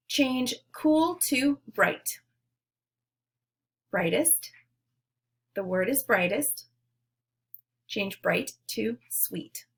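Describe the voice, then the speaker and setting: Slow, husky teacher leading phonics drills. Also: female voice, medium pitch, fairly bright tone. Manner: slow, clear, leading call-and-response drills. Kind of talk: phonics lesson for young children.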